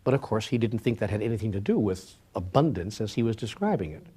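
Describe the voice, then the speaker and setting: Husky-voiced man telling a story. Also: on the low side, fast. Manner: animated storyteller acting out dialogue, drops to soft near-whispers. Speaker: spiritual speaker. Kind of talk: storytelling talk.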